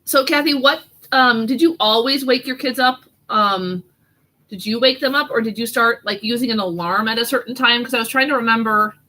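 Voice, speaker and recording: A woman's voice: a little high, a little fast, sharp tone, poor audio. Chatty woman hosting a doodle livestream. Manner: chatty, teasing, reads out viewer comments. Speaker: host of a live doodling chat. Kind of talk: casual live-stream chat while drawing.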